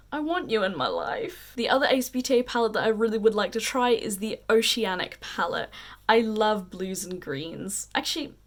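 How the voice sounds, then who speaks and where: Gushing young woman with a mixed accent. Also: mid-range voice. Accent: unusual mixed accent. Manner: gushing, chatty, drawn-out emphasis. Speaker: beauty vlogger. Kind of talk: casual chat.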